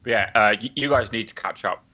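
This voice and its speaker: A man's voice: on the low side, quick pace, sharp tone. A young man co-hosting a podcast, talking bluntly in casual chat with lots of swearing and filler words. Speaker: podcast co-host.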